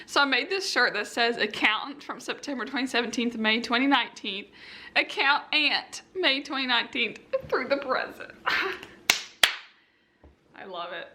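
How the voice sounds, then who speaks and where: A woman's voice: fairly high pitch, moderate pace, pushed and bright. A woman in her twenties vlogging casually, chatty and rambling, with light self-mocking laughs. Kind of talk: casual vlog chat to camera. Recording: echoey room with faint background hum.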